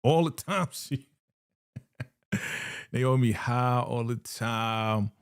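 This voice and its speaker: A man hosts a live reaction stream in a lively, talkative way, with a mid-range voice. He laughs often and loops back on his own phrases as he recaps. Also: mid-range voice, drawn-out words, clear, resonant tone, no echo, studio quality. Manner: animated, laughing, chatty, repeats himself.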